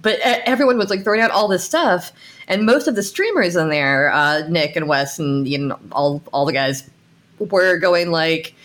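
A woman's voice: lowish voice, lively intonation, normal speed, a bit bright. An American woman co-hosting a podcast, chatting casually with frequent restarts and laughs. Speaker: podcast co-host, game designer. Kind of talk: casual chat.

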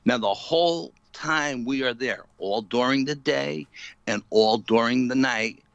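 Forceful man telling a spooky story. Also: medium pitch, measured pace, gravelly, no room sound, dull audio. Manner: vivid storyteller, many fillers, acts out quotes. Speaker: paranormal investigator, guest. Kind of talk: animated storytelling in an interview.

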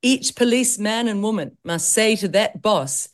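A woman, a guest on a broadcast interview, declaiming forcefully. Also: mid-range voice, expressive, moderate pace.

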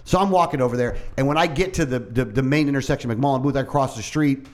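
A man co-hosting a casual talk show, telling a story in an animated way, swearing freely and acting out what others said. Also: medium pitch, fast talker. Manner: animated storytelling, heavy swearing, acts out quoted voices. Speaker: podcast co-host. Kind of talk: casual chat.

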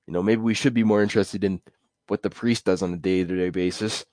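A man's voice: low voice, steady tone, fast talker, a little mellow, no room sound, studio quality. A man hosting a casual solo podcast, rambling and correcting himself as he talks. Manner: rambling, self-correcting, with chuckles. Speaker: podcast host.

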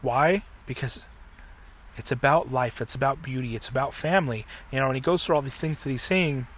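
A middle-aged man hosting a podcast, casually retelling a story in an animated way and acting out the quotes. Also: mid-range voice, fairly quick, a little hiss or hum. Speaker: podcast host.

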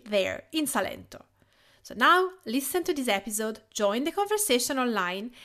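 Higher-voiced Italian woman hosting a podcast. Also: fairly bright tone. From Tuscany, Italy. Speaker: podcast host. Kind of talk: scripted podcast intro and casual interview.

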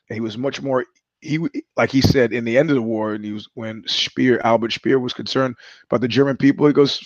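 A man's voice: medium pitch, no room sound. Guy on his podcast rambling sardonically, kinda muffled dry audio. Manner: rambling, sardonic, with frequent restarts. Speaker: podcast host. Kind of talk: casual monologue.

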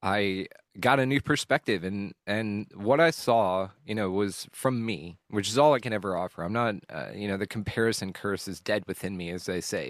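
A man hosting a podcast, talking candidly and emotionally about a hard stretch, rambling and swearing with frequent halting restarts. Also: on the low side, a bit bright, no room sound, clean studio sound. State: emotional at times. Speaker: podcast host. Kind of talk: candid personal monologue.

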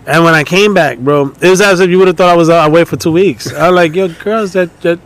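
A man in his forties chatting casually with friends, an animated storyteller who acts out quotes in a raised voice and laughs often. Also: fairly high pitch, fast. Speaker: podcast co-host. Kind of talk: casual chat among friends.

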